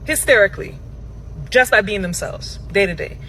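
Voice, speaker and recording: A woman's voice: medium pitch, animated, normal speed, pushed and bright, a little hiss or hum. A woman from Miami vlogging in an enthusiastic monologue, emphatic and repeating words for effect.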